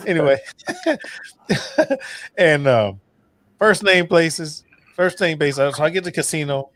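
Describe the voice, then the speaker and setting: Guy hosting a chill livestream, bit high voice, dry close sound, swears a lot, rambly stories. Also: moderate pace, pauses often, a bit bright, no room sound. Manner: loose, swearing, storytelling with drinks. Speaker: host of a cooking channel livestream. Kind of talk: casual chat.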